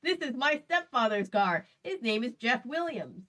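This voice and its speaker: A woman reading a story aloud and voicing a gruff, condescending middle-aged male police officer who speaks in a stern, lecturing way. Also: on the high side, very animated, moderate pace, fairly bright tone.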